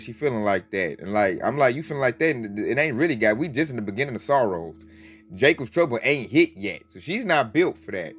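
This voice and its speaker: A man's voice: on the high side, fairly bright tone. A man giving emphatic, colloquial commentary with a preaching edge, often breaking into laughs. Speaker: religious commentator.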